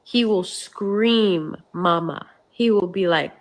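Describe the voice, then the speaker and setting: A woman's voice: mid-range voice, takes it slowly. A woman speaks as a mother in a casual clip, telling a story loosely. She fills her sentences with "like" and restarts. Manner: storytelling with many fillers. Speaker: young mother.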